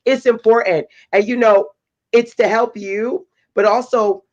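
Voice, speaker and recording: Brooklyn lady hosting, high voice, hyping up her guest, kinda dull lo-fi sound. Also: steady tone, a little slow, a little mellow. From Brooklyn, New York. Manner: enthusiastic, affirming, hypes the guest. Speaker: host. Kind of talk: online workshop chat.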